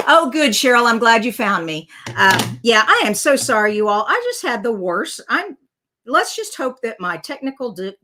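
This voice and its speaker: A woman's voice: fairly low pitch, bright, forceful tone. Chatty woman demonstrating crafts. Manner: chatty, self-talking while working, frequent fillers. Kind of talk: casual live crafting demo.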